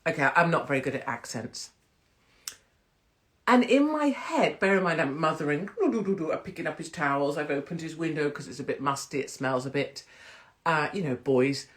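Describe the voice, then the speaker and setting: A woman's voice: deep voice, lively intonation, normal speed, a bit bright. Blunt middle-aged woman vlogger. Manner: blunt, rambling, swears freely. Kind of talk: candid chat to camera.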